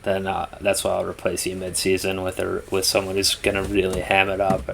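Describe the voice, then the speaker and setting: A man's voice: sits low, completely flat delivery, a little fast, gravelly, a bit bright, slight background noise. A man co-hosting a reaction show, chatting casually in a rambling, laid-back way with lots of fillers. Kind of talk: casual chat.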